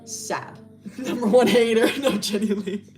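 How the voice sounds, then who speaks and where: A woman's voice: a little high, steady tone, a little slow. A young woman livestreaming, casually telling a rambling story with lots of fillers and swearing. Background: faint music playing.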